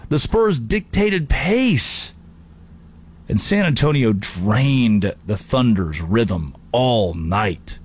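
Animated male sports talk host. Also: medium pitch, extremely slow, breathy edge. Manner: animated, jokey, tosses in brief impressions.

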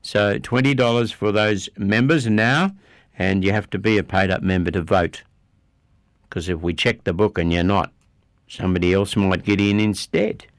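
An Australian man presenting announcements on community radio in a chatty way, repeating details and pausing with fillers. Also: lowish voice, steady tone, dry recording. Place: radio studio.

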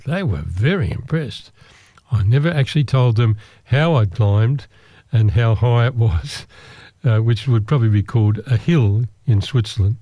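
Casting note: male raconteur, middle pitch, mellow and relaxed, self-deprecating humour. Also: normal speed, dry recording. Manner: self-deprecating, wry, rambling with restarts. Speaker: storyteller. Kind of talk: personal anecdote told to listeners.

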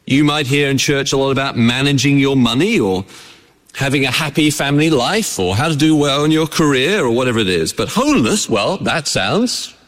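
A man's voice: medium pitch, animated, moderate pace, a bit bright, long reverb tail. A man preaching a sermon to his congregation. He keeps the tone conversational and often puts rhetorical questions to his listeners. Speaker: pastor. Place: church.

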